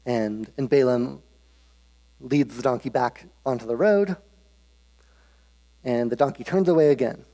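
A man's voice: medium pitch, slow, pauses often, mellow. Guy preaching, laid back and jokey, echoey hall. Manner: casual, humorous, with restarts. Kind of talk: casual Bible storytelling sermon. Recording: long reverb of a hall.

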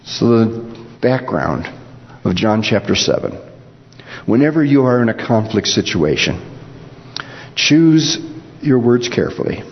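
A man preaching a sermon, animated, dropping low and slow when he quotes scripture. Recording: dull reverberant hall.

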